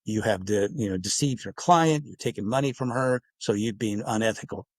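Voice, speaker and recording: A man with a fairly low pitch talks a little fast, barely pausing, on a dry recording. As an author interviewed on a podcast, he explains things at length and acts out lines of dialogue in quotes.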